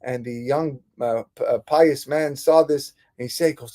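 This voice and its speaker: A man teaching a Torah class as a rabbi, retelling stories in an animated way with frequent restarts. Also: medium pitch, a little slow.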